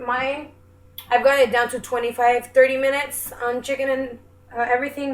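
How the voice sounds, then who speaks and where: A young woman chatting casually as she preps food in her home kitchen, self-deprecating and apologetic as she goes. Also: a little high. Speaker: home cook vlogger. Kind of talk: casual cooking demonstration. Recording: echoey kitchen with background noise.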